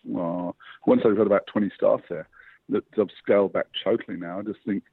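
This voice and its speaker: A man, a publicist, telling lively motivational anecdotes as a guest over the phone. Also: lowish voice, fairly quick, gravelly, husky, no echo. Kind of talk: interview storytelling. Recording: tinny phone line.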